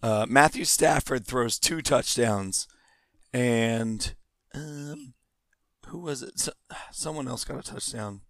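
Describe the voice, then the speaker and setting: A man's voice: mid-range voice, slow, a bit bright, no room sound, studio quality. A man co-hosting a podcast in casual chat, teasing and sarcastic. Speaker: podcast co-host.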